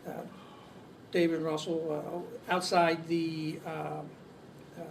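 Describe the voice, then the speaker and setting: A man telling a story to a group, halting often on fillers. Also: on the high side, level tone, vocal fry. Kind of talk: casual storytelling. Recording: distant mic, faint background noise.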